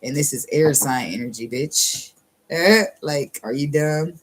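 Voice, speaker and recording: A woman's voice: low voice, a little hiss or hum. A woman giving a casual tarot reading in a blunt, sassy, profane way, laughing often and drawing out phrases for emphasis. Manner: drawls some phrases slowly for emphasis. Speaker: tarot reader.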